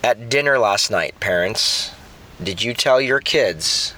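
A man's voice: medium pitch, animated, a little slow, pushed and bright, a little hiss or hum. A middle-aged man preaching a sermon in a conversational way, often repeating words while he thinks. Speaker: pastor.

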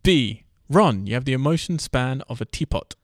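A man's voice: mid-range voice, lively intonation, normal speed, no room sound, studio quality. A man hosting a casual podcast and running a trivia quiz, teasing his guests and swearing casually. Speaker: podcast host. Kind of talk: casual podcast chat, quizmaster.

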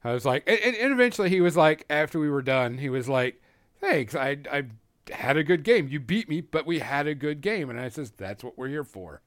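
A man's voice: on the high side, very animated, fairly quick, no room sound, studio quality. A man co-hosting a podcast, chatting casually and swearing as he tells game stories full of quoted dialogue. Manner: swearing, storytelling with acted-out quotes. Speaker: podcast co-host. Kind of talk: casual chat.

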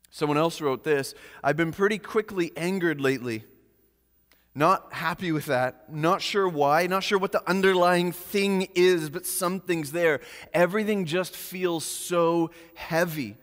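A man preaching a sermon as pastor, earnest, slowing and softening on key phrases. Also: fairly high pitch, big-room sound.

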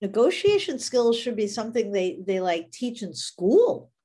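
A woman's voice: a little high, big pitch swings, normal speed, dark tone. A woman co-hosting a podcast, speaking emphatically and piling up examples with fillers along the way. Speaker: podcast co-host. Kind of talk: conversational podcast chat.

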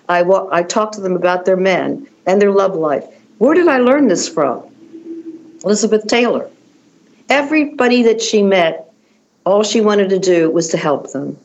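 This older woman talks in an animated, storytelling way, tumbling through her sentences and repeating herself as the story builds. Her pitch sits in the middle of the range for a woman. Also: low-quality recording. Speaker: fashion designer guest. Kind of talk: conversational storytelling.

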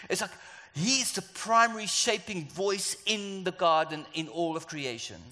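A man's voice: high voice, normal speed, hardly any pauses, bright, forceful tone. A man preaching a sermon, stressing and repeating his key phrases. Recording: echoey hall with faint ambience.

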